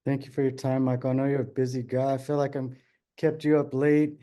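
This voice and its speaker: A man's voice: medium pitch, completely flat delivery, fairly quick, dark tone. A man hosting a podcast, thanking his guest in a grateful, casual way. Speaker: podcast host.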